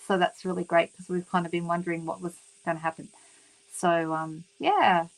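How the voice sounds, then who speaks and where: An Australian woman hosts a papercraft livestream, demonstrating crafts and chatting casually while greeting viewers by name with plenty of ums. Her voice is fairly low and steady at a normal speed, though the audio quality is poor.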